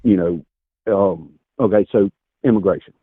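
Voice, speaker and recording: A man calling in to a political debate, talking hesitantly and halting over his words. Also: low voice, slightly rough, dry recording. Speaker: caller. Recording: tinny phone line.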